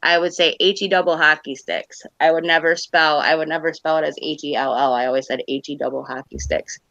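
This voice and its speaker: A woman's voice: sits low, fairly quick, fairly bright tone, no room sound. A woman in her thirties hosting a livestream, chatting casually and rambling through stories. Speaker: livestream host. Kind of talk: casual chat. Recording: dull lo-fi stream audio.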